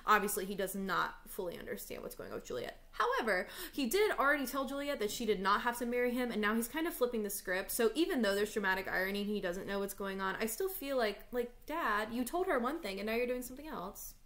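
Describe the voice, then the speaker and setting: Woman teacher, casual home lesson, chatty, "like"-heavy, mid pitch. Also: sing-song, quick pace, hardly any pauses, fairly bright tone. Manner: chatty, fills speech with "like". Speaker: English teacher.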